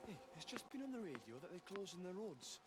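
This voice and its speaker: A blunt, impatient Welsh dad in a narrative game snaps out short, quick lines. A loud wash of ambient hiss sits over the recording. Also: male voice, high voice, big pitch swings.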